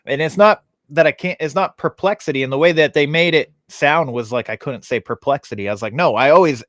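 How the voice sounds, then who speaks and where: A man's voice: on the high side, fairly quick, a bit bright, dry recording. A man in his thirties hosting a podcast, telling loose stories full of swearing and fillers. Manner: loose storytelling, heavy swearing, frequent fillers. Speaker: podcast host. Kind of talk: casual chat.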